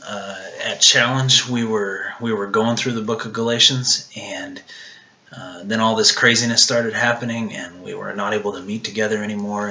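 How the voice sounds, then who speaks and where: A man's voice: fairly low pitch, sharp tone, dull audio. A man giving a casual devotional talk, earnest and searching, with many ums and restarts, dropping almost to a whisper on intimate words.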